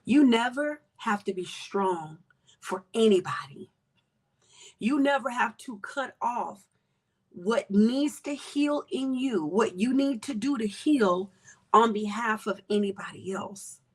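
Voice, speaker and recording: A woman hosting a podcast, talking earnestly and with emotion, sometimes dropping to a soft whisper. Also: fairly high pitch, animated, slow pace, husky. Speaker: podcast host. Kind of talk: candid personal reflection.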